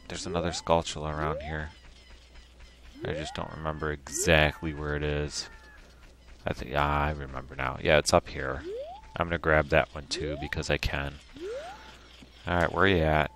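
A man hosting a video game playthrough at home, chatting casually with sudden excited yelps. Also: low-pitched. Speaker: host.

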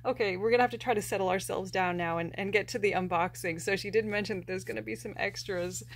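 A woman hosting a casual unboxing vlog, gushing and emotional, often breaking into soft laughter. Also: medium pitch, fairly even intonation, quick pace, a little hiss or hum. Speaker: plush collector vlogger.

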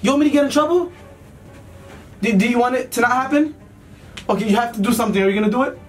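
A man in his twenties, a vlogger, talking in a playful, teasing and excitable way while pranking children. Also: very high voice, quick pace. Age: 20s. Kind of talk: casual prank vlog. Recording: distant mic with faint music.

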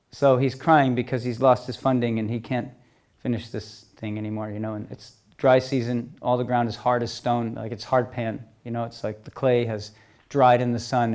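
A middle-aged man telling a story at a talk, lively, moving between loud and soft passages. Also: medium pitch. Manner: lively storyteller, swings loud and soft, acts out quoted voices. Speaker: speaker telling stories at a talk.

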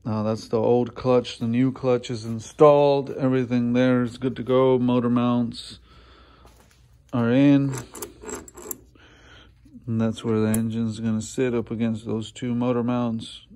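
Talking through an engine swap in his garage workshop, a mechanic speaks a little slowly in a warm, mid-range voice with little pitch movement. His casual walkthrough is filled with ums and uhs.

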